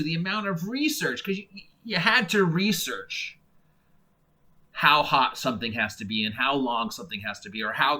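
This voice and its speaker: A man's voice: mid-range voice, bright, forceful tone. A man giving a casual, rambling monologue as a game reviewer, full of fillers and restarts. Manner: mock voices when imitating others.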